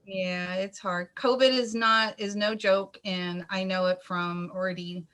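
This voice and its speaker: Southern woman, guest director, bright forceful voice, earnest talker with many fillers. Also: mid-range voice, steady tone, unhurried. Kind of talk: casual chat on a video call.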